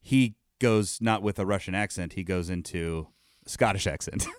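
A man's voice: low-pitched, moderate pace, smooth, no echo, clean studio sound. A man in casual podcast chat, laughing often and rambling with fillers and restarts.

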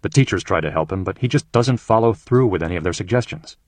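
In an audiobook, a man reads out a troubled middle-aged businessman dad with a husky, low voice, earnest and a little strained. the sound is dry and close, with no room around it. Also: animated, fast talker, dry recording. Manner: earnest quoted speech within a read-aloud story. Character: troubled middle-aged businessman father, brusque but softening. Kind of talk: audiobook narration.

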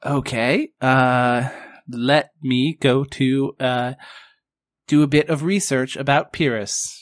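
A man's voice: medium pitch, steady tone, slow pace, no echo. A man narrating as a tabletop game master in an easygoing, chatty way, with many fillers.

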